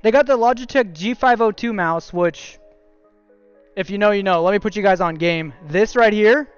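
A man's voice: high-pitched, normal speed, clear, resonant tone, dry recording, highs cut off, faint music behind. A young man streaming, giving casual joking commentary as he rates viewers' gaming setups, often saying "dude" and "bro". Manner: jokey, animated, says "dude" and "bro" a lot.

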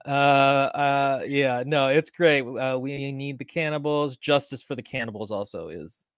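A woman's voice: a bass voice, a little slow, clean tone, no echo. Dry-sounding woman reading out chat comments. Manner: reads out viewer comments, chatty with fillers. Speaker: podcast co-host reading live chat. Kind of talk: casual book review chat.

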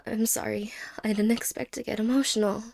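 A woman voicing an apologetic young ex-girlfriend in a whispered role-play, speaking haltingly and softly and slipping into whispers. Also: medium pitch, fairly even intonation, gravelly, close to an everyday voice. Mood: tender. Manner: halting, hesitant, soft-spoken with whispered words.

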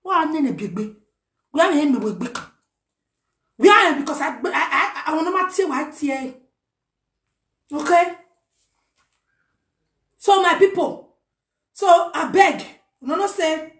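A woman with a Nigerian accent delivering a heated, animated message to camera, mixing pidgin with a local language. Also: sits high, unhurried, pauses often. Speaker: social media personality. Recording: roomy echo.

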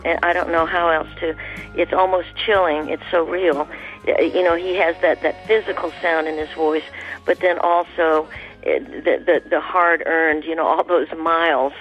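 A woman, a guest singer on a radio interview, speaking in halting phrases with frequent restarts. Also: deep voice, fairly even intonation, lo-fi sound, faint music behind. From American South.

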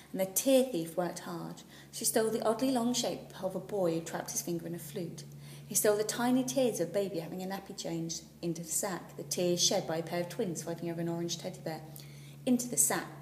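A woman teacher reading a children's storybook aloud, expressive and at times dropping to a whisper. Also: fairly low pitch. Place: school classroom. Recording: echoey room, far from the mic, faint hum.

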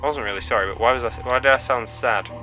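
A man's voice: mid-range voice, fast talker, faint music behind. A young man giving let's play commentary, yelping and pleading with the game as he plays. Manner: excitable, yelps and pleads at the game. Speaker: gaming channel host.

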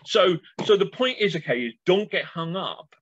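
A man, a guest in an interview, telling stories with lively enthusiasm. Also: high voice, normal speed, slightly rough, dry recording. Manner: animated storyteller, enthusiastic. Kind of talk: casual interview chat. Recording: dull lo-fi sound.

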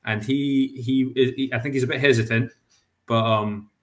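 A man's voice: mid-range voice, steady tone, moderate pace. Stumbling man hosting a radio chat. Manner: stumbling, repeats words. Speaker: radio show host.

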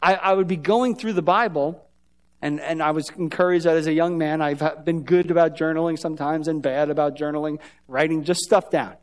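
A man with a notably high voice preaches to his church as pastor. His delivery is conversational and often turns to the congregation with questions. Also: fairly even intonation, a little fast. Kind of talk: sermon. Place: church sanctuary.

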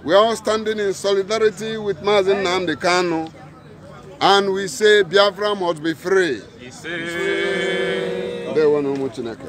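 A man's voice: high-pitched, steady tone, moderate pace. A man giving a declamatory, rousing speech at a street protest. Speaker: protest speaker. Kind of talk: rally speech. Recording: crowd noise outdoors.

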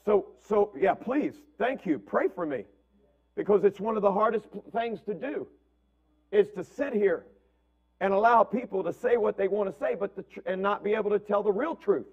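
Speaking at a moderate pace in a high voice, this man delivers a chatty sermon as a pastor over a muffled recording. His habits include constant "right?" check-ins, repeated words, and performing family quotes.

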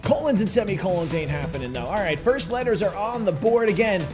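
A man with a high, light voice hosts a live trivia game, chatting brightly and cheering on the players in the chat. Faint music plays under him. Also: big pitch swings, brisk. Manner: upbeat, chatty, addresses the chat directly. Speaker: game show host.

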